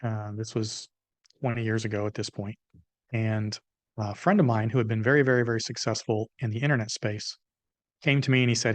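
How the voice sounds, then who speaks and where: Animated storytelling businessman in his fifties. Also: lowish voice, brisk, no room sound. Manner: animated storyteller, acts out dialogue. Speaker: guest, business consultant. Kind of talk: storytelling interview answer. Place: podcast recording.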